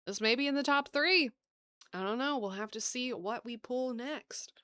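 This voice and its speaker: A woman with a Southern US accent hosting a casual card-opening video, bubbly and gushing, thinking aloud and laughing softly as she talks to viewers. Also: a little high, moderate pace, smooth, no echo, clean studio sound. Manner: bubbly, gasping and gushing over cute cards. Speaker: card-opening channel host.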